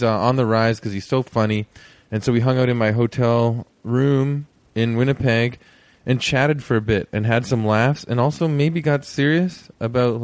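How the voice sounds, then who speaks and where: A man's voice: lowish voice, no room sound. Rambling jokey male podcast host. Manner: rambling, self-deprecating, jokey. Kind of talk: casual podcast intro.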